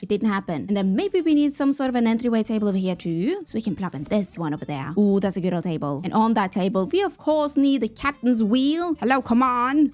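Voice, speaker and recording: A woman's voice: medium pitch, a little mellow. A young woman giving bubbly, chatty gameplay commentary, talking to herself as she builds. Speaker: gaming YouTuber.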